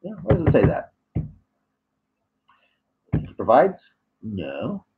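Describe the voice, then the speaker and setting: A man's voice: mid-range voice, wildly swooping pitch, takes it slowly, creaky, background noise. A man reading out and answering online comments, sarcastic and hesitant, with many fillers. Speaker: YouTuber. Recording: tinny phone-like audio.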